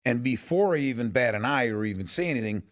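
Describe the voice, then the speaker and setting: A man's voice: mid-range voice, lively intonation, fast talker. A middle-aged man from Chicago hosting a podcast, telling stories casually and acting out quoted lines. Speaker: podcast host and technical advisor. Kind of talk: casual interview storytelling.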